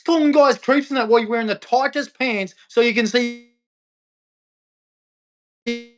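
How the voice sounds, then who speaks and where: This male vlogger's voice sits at an extremely high pitch, with a steady tone, normal speed, and long pauses. He rants about faith to camera in a preachy, repetitive way, heckling and challenging his audience.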